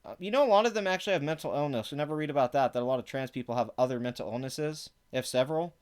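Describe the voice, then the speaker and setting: A man's voice: mid-range voice, racing, clear, resonant tone. A man giving sarcastic, profane commentary, reading parts of an article aloud between exasperated rants. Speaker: online commentator.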